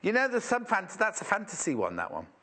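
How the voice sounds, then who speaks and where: A man hosts a live shopping channel, talking through fabrics in a chatty, wandering way. His pitch jumps up and down a lot and sits a little high for a man. He keeps breaking off to exclaim over what he is showing. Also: wildly swooping pitch, fast talker, bright, forceful tone. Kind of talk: live sales presenting. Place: TV shopping studio.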